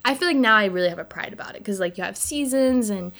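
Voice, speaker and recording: A woman's voice: mid-range voice, lively intonation, quick pace, a bit bright. Chatty, blunt woman from New Jersey. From Northern New Jersey. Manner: chatty and blunt, many filler words, swears freely. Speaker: podcast guest. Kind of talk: casual chat.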